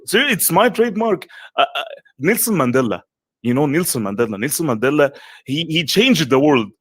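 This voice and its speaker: A man's voice: on the high side, lively intonation, normal speed, fairly bright tone, husky, dry recording. A man with an Arabic accent, speaking English as a second language, answering earnestly as a guest in an online summit interview, with emphatic repetition and frequent restarts.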